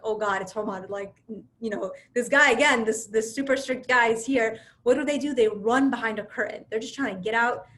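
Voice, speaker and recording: A woman giving a casual religious talk over a video call. She tells stories animatedly, often restarting phrases and asking "right?". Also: medium pitch. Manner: animated storytelling, frequent restarts and tag questions. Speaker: speaker giving a religious reminder.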